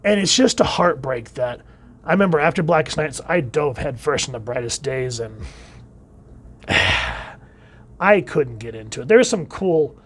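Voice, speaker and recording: A man giving a casual comic book review, chatting along and letting phrase ends drop quietly. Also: on the high side, animated, unhurried.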